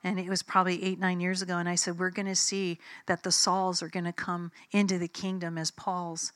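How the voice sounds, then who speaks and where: A woman's voice: on the low side, flat delivery, brisk, no room sound. A woman preacher giving a sermon in a conversational, emphatic way, telling personal stories and acting out the dialogue.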